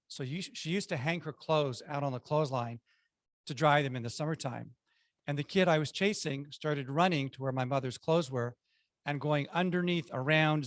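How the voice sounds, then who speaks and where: A man's voice: medium pitch, dry recording. A man giving a prepared club speech, telling childhood stories with punchy numbered lessons.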